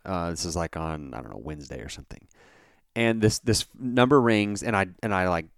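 A man hosting a podcast, telling a story casually with lots of fillers and animated asides. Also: low voice, brisk, clear, resonant tone, dry recording, clean studio sound. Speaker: podcast host.

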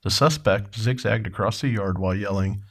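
A man with a fairly low, slightly bright, husky voice co-hosts a true crime podcast at a moderate pace. In a conversational, questioning manner, he reads parts of a case aloud and asks his co-host about it.

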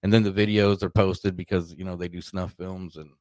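Low-voiced profane man rambling. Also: a little fast, no echo. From Arkansas, United States. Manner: rambling, profane, animated retelling with quoted voices. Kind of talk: casual storytelling chat.

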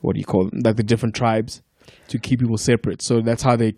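A man in his thirties from South Africa, a podcast guest telling stories in a relaxed, profane way and laughing often. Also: mid-range voice, fast talker, no echo, studio quality. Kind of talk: casual chat.

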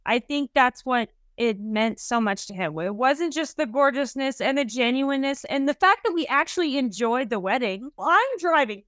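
Animated high-voiced woman. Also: normal speed, hardly any pauses, no echo, studio quality. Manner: animated, gushing, swears casually. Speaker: co-host. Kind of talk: casual storytelling chat.

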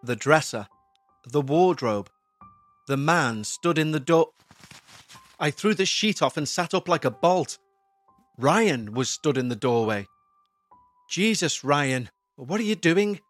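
Slow man narrating a horror story. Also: on the high side, expressive, no echo. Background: faint background music.

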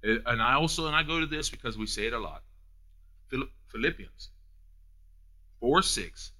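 Animated folksy male preacher. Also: moderate pace, long pauses. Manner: animated preaching, swinging from loud high peaks to soft hushed asides; folksy, uses down-home phrasing. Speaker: pastor. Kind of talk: sermon.

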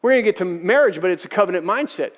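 Male pastor, high-pitched, emphatic preaching, repeats lines for emphasis, slips into quoted voices. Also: lively intonation, rapid-fire. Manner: emphatic, repeats key phrases for effect. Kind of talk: sermon.

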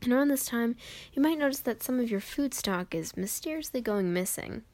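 A woman's voice: on the high side, lively intonation, fairly quick, mellow, dry recording. A woman reading her own written game guide aloud, recorded on her phone in her bedroom, with rambling, self-deprecating asides.

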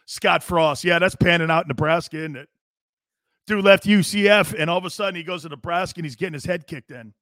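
A man's voice: a little high, a little fast, a bit bright, dry recording, studio quality. A man hosting a live football talk show, blunt and sarcastic, mocking coach-speak and swearing casually. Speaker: sports talk show host. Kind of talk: live sports talk monologue.

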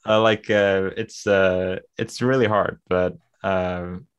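A low-voiced Swedish man speaks English with an Americanized accent he picked up by listening. He talks in a casual, halting way, restarting his sentences often as a podcast guest. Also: little pitch movement, clear, resonant tone. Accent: Swedish-influenced American English. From Sweden. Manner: hesitant, many restarts and fillers. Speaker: podcast guest, digital artist.

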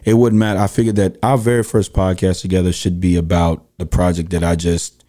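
A man's voice: low voice, little pitch movement, a little fast, dark tone. A man hosting a podcast, asking questions in a thoughtful, storytelling way with restarts. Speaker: podcast host. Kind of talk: casual interview chat.

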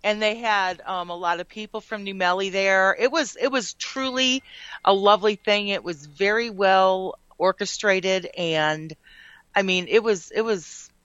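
A woman's voice: mid-range voice, a little slow, a bit bright, clean tone, no echo. A woman co-hosting a radio talk show, chatting in an upbeat, agreeable way. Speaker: radio co-host. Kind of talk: casual radio banter. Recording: dull lo-fi sound.

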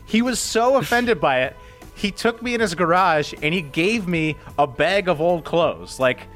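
A man hosting a casual comedy podcast, with a slightly high voice that jumps around a lot. He tells stories loosely and breaks into laughter at his own bits, with faint music underneath. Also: expressive, measured pace, fairly bright tone. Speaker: podcast host.

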